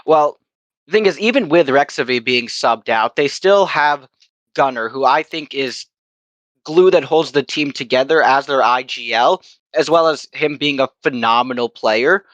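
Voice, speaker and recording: A man's voice: mid-range voice, moderate pace, fairly bright tone, no room sound, poor audio. A man casting a live esports match, talking in an easygoing way with a few stumbles. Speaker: esports caster.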